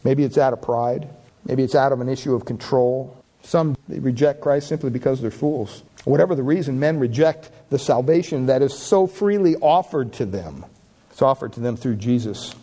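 Male preacher, mellow tone, impassioned sermon delivery, scripture reading. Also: normal speed. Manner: impassioned preaching, swells louder and higher on key lines; reads scripture aloud.

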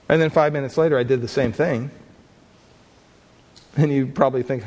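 A man's voice: medium pitch, fairly quick, darkish tone. A man preaching a sermon, talking in a conversational way and putting questions to the congregation. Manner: conversational, asks the listeners questions. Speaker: pastor.

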